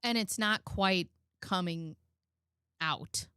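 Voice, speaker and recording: A woman's voice: lowish voice, slow, sharp tone, clear, resonant tone, dry recording, clean studio sound. A woman hosting a commentary channel, reacting casually and skeptically with chatty asides.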